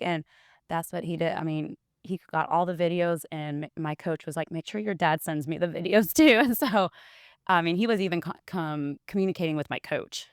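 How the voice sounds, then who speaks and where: Low, smooth-voiced young woman. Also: normal speed, no echo, studio quality. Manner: chatty storytelling, quoting others. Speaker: interview guest, wellness bodybuilder. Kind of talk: casual interview chat.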